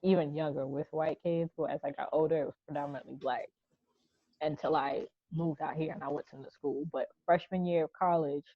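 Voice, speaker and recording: Talking fairly quickly in a deep, steady voice, this Charleston, South Carolina podcast co-host shares frank stories and mimics the voices of people she quotes. She's young, the chat is casual, and the dry audio sounds dull and lo-fi.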